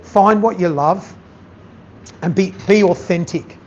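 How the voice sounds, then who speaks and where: Here a chef with a high voice talks slowly through a masterclass, speaking bluntly and animatedly to an audience and swearing without restraint. It's a candid talk at an event venue, recorded with slightly dull sound and faint noise.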